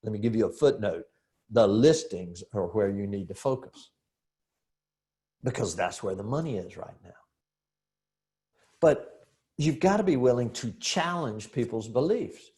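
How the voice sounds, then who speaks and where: A middle-aged man training real estate agents in a seminar, telling lively stories, acting out dialogue and putting rhetorical questions to the audience. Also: fairly low pitch, measured pace, pauses often. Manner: animated storyteller who acts out dialogue and asks rhetorical questions.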